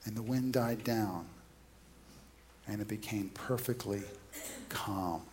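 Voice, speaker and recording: A man's voice: lowish voice, slow pace, darkish tone, a little hiss or hum. Male preacher, conversational sermon, storyteller who questions his listeners.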